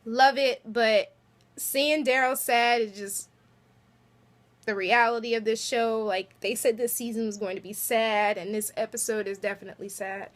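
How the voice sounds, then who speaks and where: Brief: high-pitched woman, giggly and chatty, casual recap vlog. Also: steady tone, normal speed. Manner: chatty, giggly, lots of filler words. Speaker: vlogger.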